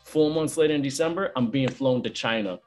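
This man tells his story in lively, slang-heavy bursts, hyping up each turn. He is an event host and comedian chatting casually. Faint music plays quietly beneath him. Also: mid-range voice. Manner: animated storyteller, fast slangy talk. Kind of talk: casual podcast chat.

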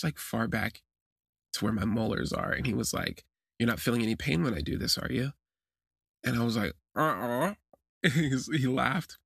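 Hombre de voz grave y rasposa. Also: male voice, no room sound, clean studio sound. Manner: animated, jumps high when acting out his own reactions. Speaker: podcast host. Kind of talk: confessional storytelling. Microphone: phone.

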